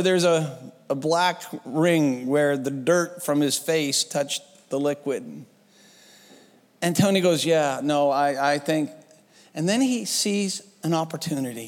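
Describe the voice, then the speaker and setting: Animated preacher in a reverberant church. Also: male voice. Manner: storytelling with animated pitch swings and repeated restarts. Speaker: pastor. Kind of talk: sermon. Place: church sanctuary.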